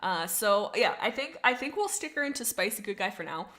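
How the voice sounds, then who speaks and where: A young woman chats casually on a livestream, thinking out loud as she reacts to her viewers. Her voice sits at an ordinary middle pitch, and her delivery is loose and conversational. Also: animated, fairly quick. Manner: chatty, reads chat messages aloud, thinks out loud. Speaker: streamer.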